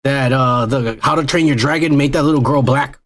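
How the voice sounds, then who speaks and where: A man's voice: medium pitch, brisk, a bit bright. A man co-hosting a casual podcast, talking crudely and ranting, often repeating "yeah" over and over. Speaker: podcast co-host.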